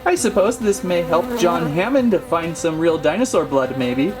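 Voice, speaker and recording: A man's voice: fairly high pitch, normal speed. A man hosting a casual toy unboxing, talking in a playful, jokey, mock-serious way. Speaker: toy channel host.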